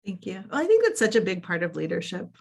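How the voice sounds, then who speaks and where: A middle-aged woman coach telling a work story in a podcast conversation, animated and full of quoted dialogue and fillers. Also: fairly low pitch, fast, gravelly. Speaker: coach and workshop facilitator.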